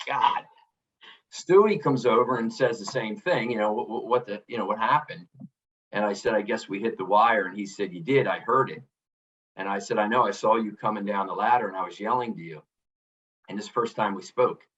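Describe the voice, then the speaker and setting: A middle-aged man, an author and coach, is a podcast guest telling his story earnestly and reflectively in a candid interview. His fairly low, slightly bright voice moves at a moderate pace, with many restarts and "you know"s. He's recorded from a distance, away from the mic, on a dull-sounding remote recording.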